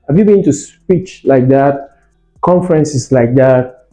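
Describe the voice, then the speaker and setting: A lively male English tutor teaching an exam-prep lesson. His voice is mellow and swings up and down as he demonstrates tones. The room is echoey, with faint music behind him. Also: on the high side, slow. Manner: lively teacher, demonstrates stress and rising tones, asks students questions.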